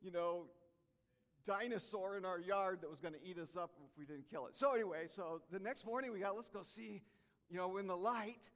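A male pastor preaching a sermon, animated and drawing the congregation into call-and-response. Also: sits high, fairly quick. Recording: long hall reverb.

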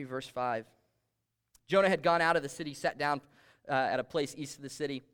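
A man's voice: mid-range voice, fairly quick, a bit bright, clear, resonant tone. Man preaching a conversational sermon. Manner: conversational preaching, reads scripture aloud, dynamic emphasis. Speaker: pastor.

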